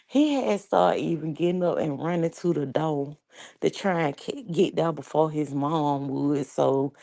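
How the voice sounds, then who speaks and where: A woman with a low, gravelly voice telling a casual storytime. She talks animated and slangy, swears freely and breaks into laughter. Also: a little slow, rough recording. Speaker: vlogger.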